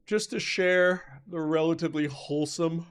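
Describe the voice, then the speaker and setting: A man in his thirties talking casually on a livestream, rambling and chatty, yawning now and then as he warms up. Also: a little high, fairly even intonation, moderate pace, smooth. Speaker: streamer.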